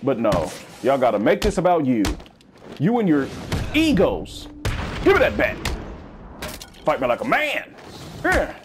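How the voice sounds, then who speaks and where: A man giving casual, slangy let's-play commentary, swinging between high yelps and low growls. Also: unhurried, pauses often, background noise. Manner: animated, slangy, swings into high-pitched bits and deep growls. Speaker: gaming YouTuber.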